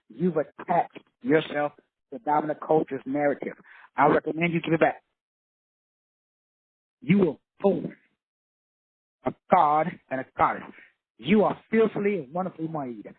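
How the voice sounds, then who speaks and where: A man's voice: a little high, normal speed, pauses often, slight background noise. A man giving a fiery motivational lecture, preachy and blunt, repeating his points with profanity. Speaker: motivational teacher. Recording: tinny phone-like dry sound.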